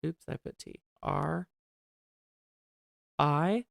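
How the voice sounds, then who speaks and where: A man's voice: a little high, drawn-out words, vocal fry, no echo, clean studio sound. An American man from West Virginia hosting a podcast in casual chat, gushing and theatrical. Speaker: podcast host.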